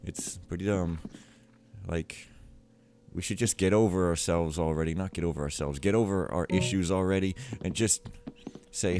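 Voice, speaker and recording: A man giving casual, rambling gameplay commentary, joking and often trailing off quietly. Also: low-pitched, fairly even intonation, moderate pace.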